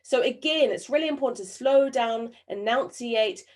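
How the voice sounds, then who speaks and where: A woman with a New Zealand accent, worn smooth by years living abroad, leads an online training session over a video call. She speaks deliberately, with frequent pauses and fillers, and keeps the audience involved by asking them questions in the chat. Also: fairly high pitch. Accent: New Zealand, softened by years abroad. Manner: engaging, quizzes the audience through the chat. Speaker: webinar presenter.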